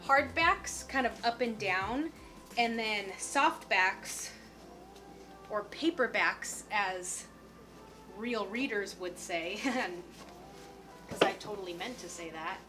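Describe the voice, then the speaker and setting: Young woman vlogger, chatty and upbeat, crisp bright tone, soft music under her. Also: medium pitch, takes it slowly, long pauses. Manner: chatty and bubbly, peppered with "like". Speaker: lifestyle vlogger. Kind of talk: casual chat.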